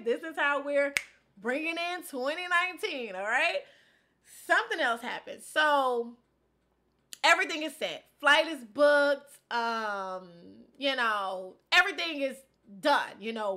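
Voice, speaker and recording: A young woman vlogger, from Inglewood, telling a casual life update in an animated, slangy way, with loud outbursts and low asides. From Inglewood, California.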